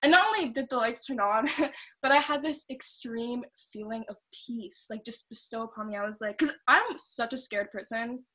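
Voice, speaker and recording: A young woman with a fairly high voice shares her conversion story over a video call. She rambles and wanders off topic, and she laughs easily as she goes. Her tone stays casual and chatty throughout. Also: normal speed, bright, forceful tone. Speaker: testimony speaker. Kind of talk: personal testimony on a video call.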